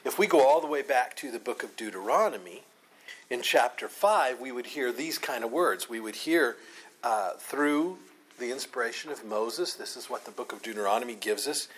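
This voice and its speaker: Pastor guy giving a sermon, husky voice, earnest, punches the bible quotes. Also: medium pitch, animated, normal speed, fairly bright tone, poor audio. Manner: earnest teaching tone, emphatic on scripture quotes.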